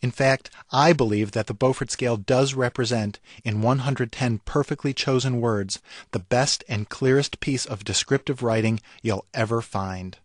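A man, a writer, reading his own scripted radio commentary in a wry, measured way that savors the words. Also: medium pitch, dry recording, studio quality.

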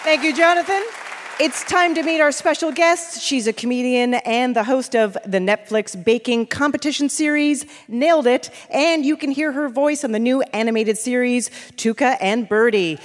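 A woman hosting a live radio interview, asking questions in an upbeat, expressive way. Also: high-pitched, moderate pace, some chatter behind, slight background noise. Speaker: host. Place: stage before a live audience. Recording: live stage with long reverb and faint audience.

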